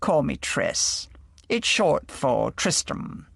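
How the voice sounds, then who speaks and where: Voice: mid-range voice, sing-song, takes it slowly, vocal fry, fairly bright tone, husky, dry recording, clean studio sound, exaggerated voice. A reader voicing a weary, resigned man in his early forties in an audiobook. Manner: tired, resigned.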